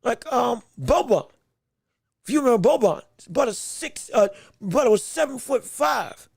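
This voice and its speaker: A man's voice: very high voice, expressive, measured pace, gravelly, husky, no echo, studio quality. A man hosting a sports podcast, talking animatedly and casually, often repeating words and laughing as he goes. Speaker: podcast host. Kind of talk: solo sports commentary podcast.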